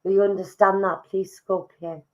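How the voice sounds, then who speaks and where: A woman giving live psychic readings, soft and emotive, calling listeners darling. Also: mid-range voice, flat delivery, normal speed, poor audio. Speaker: psychic medium.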